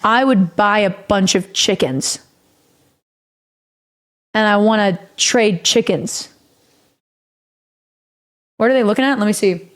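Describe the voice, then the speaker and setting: A woman's voice: mid-range voice, slow pace, pauses often. A woman streamer telling a rambling story in a casual, profane way, often laughing.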